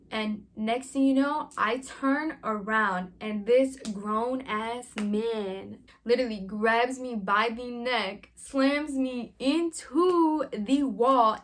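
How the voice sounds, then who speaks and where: A young woman vlogger telling a story in a casual, animated way, full of slang and swearing. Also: on the high side.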